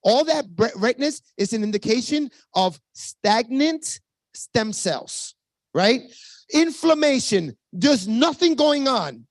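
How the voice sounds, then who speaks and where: A man's voice: very high voice, big pitch swings, slow, no room sound. Hyped fifty-something man, Spanish-accented English. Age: 50s. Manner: hyped, talks straight to the audience, many asides. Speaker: network marketing presenter. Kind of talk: energetic sales pitch. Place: team video call stream. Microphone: video call.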